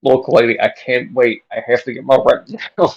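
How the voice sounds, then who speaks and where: A man voicing a gruff, pushy middle-aged landlord, loud and brusque, while reading a comic aloud. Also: medium pitch, flat delivery, normal speed, lo-fi sound. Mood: impatient.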